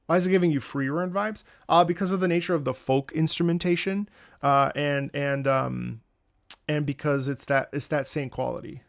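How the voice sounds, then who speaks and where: A man's voice: a little high, fairly even intonation, moderate pace, gravelly, clean tone, no echo. A man streaming casual commentary on game music, rambling with restarts and humming melodies into a close mic.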